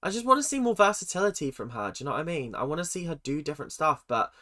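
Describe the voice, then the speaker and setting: A man's voice: on the high side, sing-song, very fast, bright, forceful tone. A man giving chatty, sarcastic reaction commentary as host of his channel.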